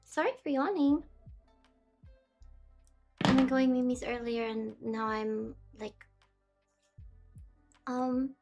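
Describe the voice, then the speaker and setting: A woman's voice: sits high, steady tone, slow pace, creaky, pauses often, a little mellow, muffled recording, faint music behind. A woman livestreaming, chatting casually with her viewers, reading chat aloud and drifting off track. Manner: chatty, reads chat aloud, easily distracted. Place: warm room indoors with big windows.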